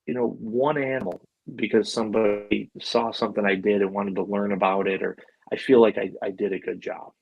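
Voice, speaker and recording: A man's voice: lowish voice, flat delivery, a little fast, creaky, no room sound, lo-fi sound. A middle-aged man from Buffalo, telling stories as a podcast guest in a loose, chatty way, full of "like" and "you know" and casual swearing. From Buffalo, New York, USA. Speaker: podcast guest, animal handler. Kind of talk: casual storytelling.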